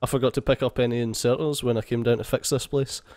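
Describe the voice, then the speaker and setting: A man's voice: mid-range voice, steady tone, quick pace, a little mellow, no echo, clean studio sound. A man with a mild Scottish accent chatting casually during a multiplayer game, joking and laughing often. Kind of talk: casual gaming chat.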